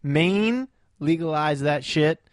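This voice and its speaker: A man's voice: on the high side, expressive, takes it slowly, a little hiss or hum. A young man co-hosting a podcast, telling rambling travel stories in casual chat and laughing often. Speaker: podcast co-host.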